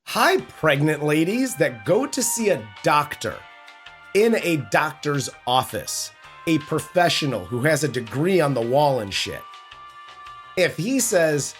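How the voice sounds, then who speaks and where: A man's voice: a little high, big pitch swings, unhurried, faint music behind. A man co-hosting a movie review podcast, chatting in a casual, profane, mocking way. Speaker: podcast co-host.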